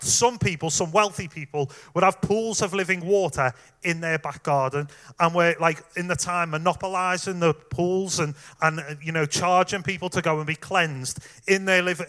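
Male preacher, high bright voice, chatty sermon delivery, addresses the congregation directly. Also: normal speed, hardly any pauses. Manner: conversational, warm direct address with fillers.

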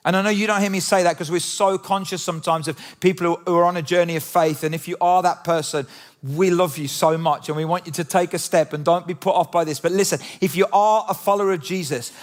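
Pastor guy, high voice, chatty sermon style, lots of "do you remember?". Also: fast. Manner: animated, conversational preaching with rhetorical questions. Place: church auditorium.

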